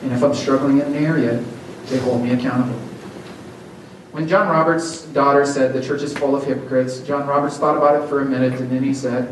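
Male pastor, sermon, earnest storyteller; slightly high voice, distant mic, very reverberant church hall with noise. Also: steady tone, brisk.

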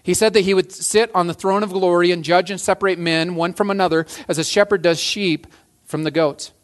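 A man's voice: high-pitched, steady tone, a little fast. A man preaching a sermon as a pastor, earnest, often restarting and repeating phrases.

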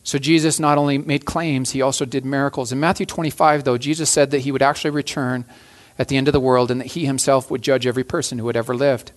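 A man's voice: medium pitch, steady tone, fast. Earnest man preaching a sermon. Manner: earnest, restarts phrases and repeats key lines. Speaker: pastor.

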